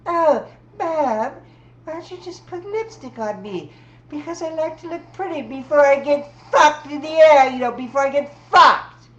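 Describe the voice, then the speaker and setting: A woman voicing a spoiled little boy who begs his mother in a shrill, pleading voice. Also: expressive, moderate pace, fairly bright tone, dull audio. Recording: roomy with faint background hum.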